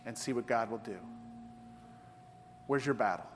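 A man's voice: mid-range voice, normal speed, a little hiss or hum. A man preaching a sermon as pastor, earnest and full of rhetorical questions and restarts. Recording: long hall reverb.

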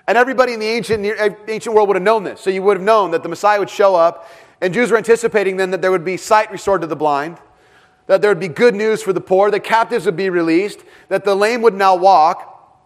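A man preaching a sermon as pastor, dramatic in delivery and often dropping to a hush for emphasis. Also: high voice, fast. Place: church with several rooms.

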